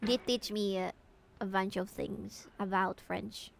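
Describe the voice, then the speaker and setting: A young VTuber from Peru chats playfully with her viewers, giggling now and then, in a Peruvian Spanish accent. Her mid-range voice is creaky and steady, she takes things slowly, and there's slight background noise.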